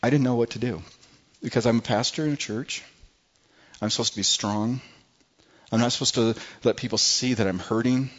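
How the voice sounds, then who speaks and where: A middle-aged man, a pastor, telling a personal testimony from the pulpit in a church, earnest and halting with frequent restarts. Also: medium pitch. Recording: dull lo-fi recording.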